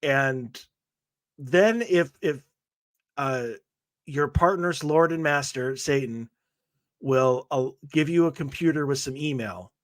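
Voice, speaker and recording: Guy co-hosting a radio show, slow sarcastic ranting, dry close sound. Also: fairly high pitch, dry recording. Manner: sarcastic, mocking rant. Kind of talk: casual podcast banter.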